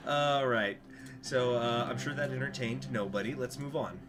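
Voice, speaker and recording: A man's voice: medium pitch, normal speed. Chatty man streaming a game over guitar. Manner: chatty, self-deprecating, reads text aloud. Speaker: streamer playing a political game. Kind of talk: casual gameplay commentary, reading aloud. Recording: guitar music playing behind.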